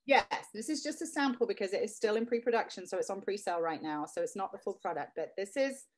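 A woman in her thirties, a product creator and interview guest, talks movingly about her children, near tears at times. Her medium-pitched voice moves at a quick pace with lively intonation.

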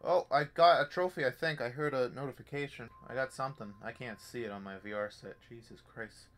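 Jumpy and joking, a young streamer talks himself through a VR horror game, swearing freely as faint game music plays. He speaks a little fast in a mid-range, fairly bright voice.

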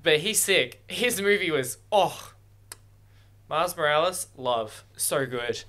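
A man hosting a first-watch reaction video, talking excitedly at the screen and swearing freely as he reacts. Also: on the high side, slow pace.

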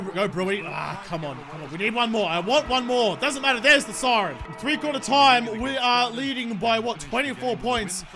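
A young man giving excitable live commentary over a football video game, swearing and shouting at his players. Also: very high-pitched. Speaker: gaming YouTuber.

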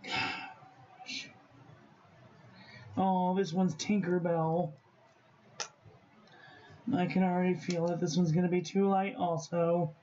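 A man vlogging about stationery, talking to himself in an expressive, profane way as he tests inks. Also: high-pitched, slow, long pauses, highs cut off, a little hiss or hum. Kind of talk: casual unboxing vlog.

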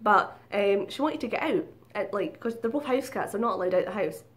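A woman's voice: medium pitch, animated, fairly quick. A woman telling a story in a casual vlog, chatty, swearing freely and giggling at herself. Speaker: vlogger.

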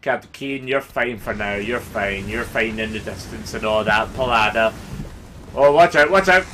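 A young Scottish man commentating his gameplay live, excitable and sweary, often bursting into yelling. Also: on the low side, normal speed, noisy background. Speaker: gaming YouTuber. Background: game music.

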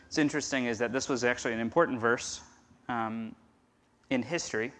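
Male pastor, mid-pitched, conversational sermon delivery, wide loud-to-quiet swings. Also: fairly quick. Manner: conversational, swings from loud emphasis to near-whisper. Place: church.

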